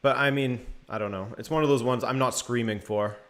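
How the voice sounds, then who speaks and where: Talking fairly quickly at a medium pitch, a young man hosts a live watch-along stream of a match. He offers laid-back play-by-play while also replying to chat.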